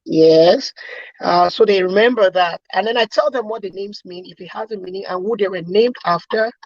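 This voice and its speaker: A woman's voice: mid-range voice, normal speed, no echo. A woman from Cameroon, a guest chatting earnestly and laughing easily on a video call. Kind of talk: casual chat on a video call. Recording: dull, lo-fi video call audio.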